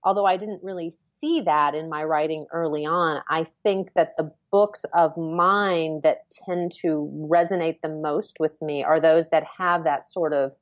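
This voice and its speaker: A woman author chatting as an interview guest, talking in an animated way and laughing often. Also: low voice, a little slow, few pauses, no echo. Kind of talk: casual interview chat.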